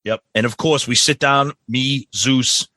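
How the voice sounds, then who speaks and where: A man co-hosting a podcast, recounting a trip with casual swearing. His voice is bright and crisp at a middle pitch. The recording is dry and close. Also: steady tone, measured pace, no room sound. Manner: casual, profane storytelling. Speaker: podcast co-host. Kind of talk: casual chat.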